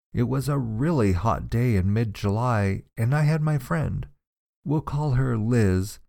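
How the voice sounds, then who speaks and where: A man's voice: lowish voice, gravelly, warm tone. Man reading ghost stories aloud. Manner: measured, suspenseful reading. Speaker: narrator of listener-submitted ghost stories. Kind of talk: scripted storytelling narration.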